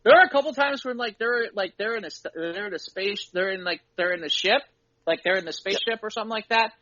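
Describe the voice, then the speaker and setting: A man co-hosting a podcast and chatting casually about running tabletop games as game master, acting out his players' lines in quick voices. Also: sits high, sharp tone, highs cut off. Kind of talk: casual chat.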